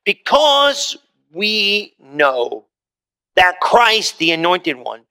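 A man preaching a sermon as pastor, swinging from forceful lines to hushed ones and repeating words as he builds. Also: sits high, big pitch swings, very slow, clear, resonant tone.

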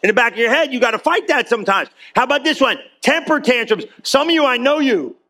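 Male pastor, high-pitched, loose joking sermon delivery. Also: animated, fast, sharp tone. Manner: casual, joking, talks straight to the congregation. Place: church.

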